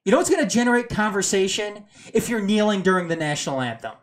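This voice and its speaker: A man's voice: sits high, lively intonation, fast. A man co-hosting a sports talk show, arguing his point emphatically and repeating himself for stress. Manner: emphatic, reads viewer comments aloud; passionate, repeats himself when making a point. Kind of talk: casual debate.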